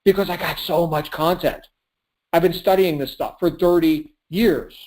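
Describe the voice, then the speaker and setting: A man's voice: a little high, fairly even intonation, normal speed, darkish tone. A man coaching a call as a motivational sales speaker, punchy and preachy, asking and answering his own questions and laughing often. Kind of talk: motivational call pep talk.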